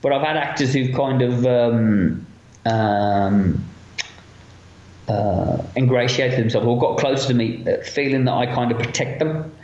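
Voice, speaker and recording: A man being interviewed as a guest, telling lively anecdotes with lots of fillers and quoted voices. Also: mid-range voice, unhurried, echoey room, lo-fi sound. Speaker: interview guest, effects makeup artist. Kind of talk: casual storytelling interview.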